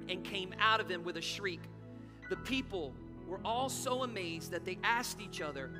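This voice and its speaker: A man's voice: high-pitched, moderate pace. A man preaching a sermon as pastor, emphatic, rereading lines and joking with the congregation. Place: church sanctuary. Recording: church hall reverb with music behind.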